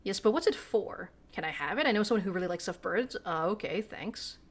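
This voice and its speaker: A woman's voice: mid-range voice, lively intonation, fairly quick, slightly rough. Woman streamer, casual and profane. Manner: casual, profane, self-deprecating. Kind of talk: casual gameplay commentary, reading game text aloud.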